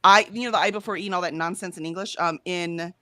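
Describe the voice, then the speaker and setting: A woman's voice: lowish voice, steady tone, fast talker, sharp tone, dry recording. An American woman co-hosting a livestream in casual chat, reading out viewer comments and laughing often. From United States. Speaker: livestream co-host.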